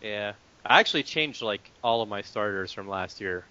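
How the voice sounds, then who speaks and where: A man's voice: on the low side, animated, normal speed, pushed and bright, clear, resonant tone, muffled recording. A man co-hosting a casual sports podcast, joking and playful. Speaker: podcast co-host. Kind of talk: casual chat.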